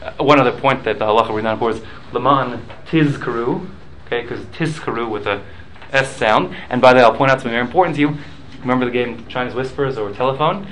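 A man's voice: medium pitch, fast talker, few pauses, fairly bright tone, slight background noise, poor audio. A man teaching a Talmud class, explaining rules with examples and often repeating and restarting his words.

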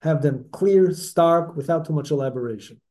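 A religious teacher with a fairly high, dark-toned voice leads a Torah class for a small group at a normal pace. He speaks conversationally, corrects himself mid-sentence, and puts questions to his listeners.

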